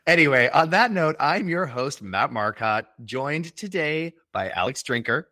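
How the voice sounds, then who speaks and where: A man hosting a podcast, upbeat and quick to laugh, reading through banter and figures. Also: on the high side, expressive, bright, forceful tone, no room sound, studio quality. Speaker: podcast host. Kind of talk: scripted casual podcast banter.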